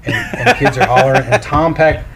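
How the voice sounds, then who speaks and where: Lively-voiced man co-hosting a podcast. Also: fairly high pitch, fairly quick, a little hiss or hum. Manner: lively anecdote telling with laughs. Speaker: podcast co-host. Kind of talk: casual podcast chat.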